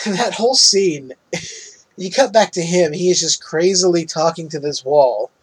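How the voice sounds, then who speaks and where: A man's voice: a little high, unhurried, slightly rough, rough recording. A man casually recapping a film's ending as a podcast host, chatty and often laughing.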